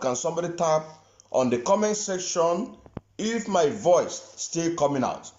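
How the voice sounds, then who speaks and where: A man's voice: fairly high pitch, sing-song, moderate pace, a little mellow, echoey room, muffled recording. A man giving emphatic live-stream commentary, repeating phrases and firing rhetorical questions. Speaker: political commentator.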